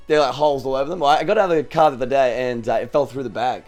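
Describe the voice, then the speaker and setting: Fast-talking tipsy man telling a story. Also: mid-range voice, steady tone, a little mellow, soft background music. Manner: rambling storyteller, acts out quotes. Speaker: podcast co-host. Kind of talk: casual chat.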